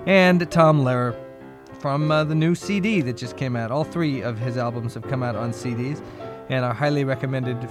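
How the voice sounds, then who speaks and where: A man hosting a comedy radio show, chatting loosely with fillers and asides. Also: mid-range voice. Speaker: radio host. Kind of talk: casual radio introduction. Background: guitar music.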